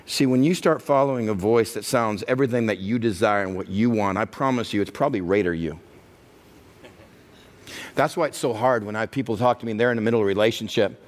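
A middle-aged male pastor preaching a sermon, acting out the inner voices he hears and building to a loud, passionate close. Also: fairly low pitch, fairly quick, pauses often.

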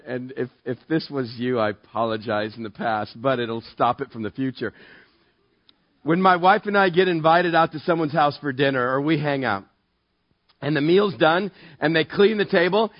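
Male pastor, husky, slightly high-pitched; dry, dull recording; playful storyteller. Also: dry recording. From Southern California. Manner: self-deprecating, acts out dialogue with quick pitch jumps. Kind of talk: conversational sermon with storytelling.

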